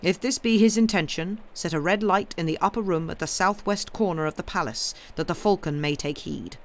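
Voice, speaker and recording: A woman's voice: lowish voice, fairly quick, lightly acted. A woman reading the lines of a stern, commanding male duke in a storybook reading. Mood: urgent. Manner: harsh, commanding.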